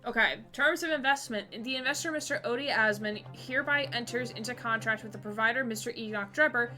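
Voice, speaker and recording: A woman streamer chatting excitably while playing a courtroom game live, laughing often and swearing casually. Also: a little high, fast. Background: background game music.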